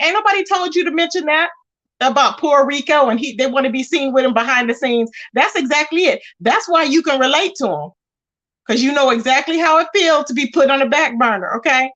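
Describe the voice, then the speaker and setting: A woman hosts a casual gossip livestream, speaking in a high voice. She is sassy and emphatic, and she greets her chat viewers as baby between her rants. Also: fairly bright tone.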